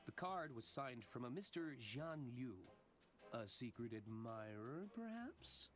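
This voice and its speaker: A man's voice: medium pitch, big pitch swings, measured pace, soft background music. An actor playing a polite, formal, mild-mannered male lawyer in a video game. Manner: courteous, formal.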